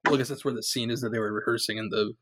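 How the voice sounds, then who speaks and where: A man chatting excitedly about a film he loves and laughing between his points. His voice is recorded dry and close, with no room sound around it. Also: medium pitch, rapid-fire, no room sound. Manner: enthusiastic, laughs often, gushing. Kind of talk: casual movie recap chat.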